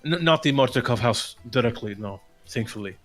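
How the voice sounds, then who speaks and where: A man voicing a cautious, protective village father who speaks in a measured, formal way. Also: mid-range voice, lively intonation, soft background music, natural voice. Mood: sober.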